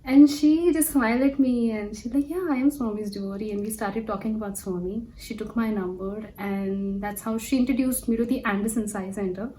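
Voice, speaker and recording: A woman's voice: a little high, fairly even intonation, brisk, few pauses, mellow, a little hiss or hum, low-quality recording. A young woman from India sharing an earnest personal testimony, telling her story with many fillers. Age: young adult.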